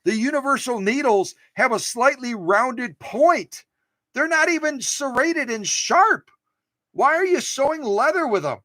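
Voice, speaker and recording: A man's voice: very high-pitched, expressive, unhurried, sharp tone, no echo. A man hosting a casual sewing machine demonstration in a workshop, playful and jokey, cheering on his machine and camera. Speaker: host restoring and demonstrating vintage sewing machines. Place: home workshop.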